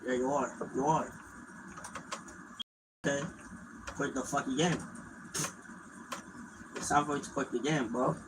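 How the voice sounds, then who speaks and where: A young man streaming a game, mocking and taunting in loud, profane bursts. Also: medium pitch, steady tone, measured pace, long pauses. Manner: yells in bursts. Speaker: gaming streamer. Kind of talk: livestream gaming trash talk. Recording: clear background noise.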